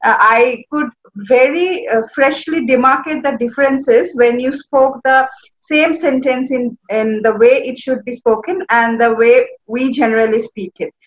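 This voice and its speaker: A woman's voice: high-pitched, a little slow. Woman interviewer, polite, lots of uh's, dull audio. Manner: polite, hesitant, many fillers. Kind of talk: interview questions.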